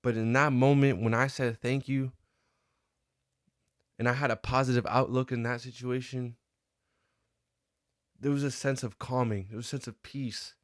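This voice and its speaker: A young man vlogging a personal reflection, talking in a halting, earnest way with many restarts and fillers. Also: mid-range voice, fairly even intonation, no echo, clean studio sound.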